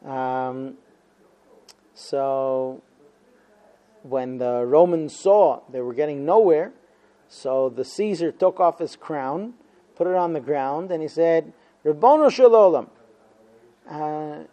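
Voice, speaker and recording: A man with a fairly high but mellow voice tells a story to his class. He acts out the quotes with energy and pauses often on fillers. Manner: animated storyteller, acting out quotes, many fillers. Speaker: teacher of a Talmud class. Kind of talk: storytelling lesson.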